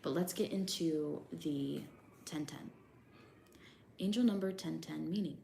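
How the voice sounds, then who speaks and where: Low gravelly-voiced woman reading tarot. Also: measured pace, dark tone, a little hiss or hum. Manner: hedging, repeats "I don't know" and "I'm getting that vibe"; reads definitions aloud from a tablet. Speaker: tarot reader.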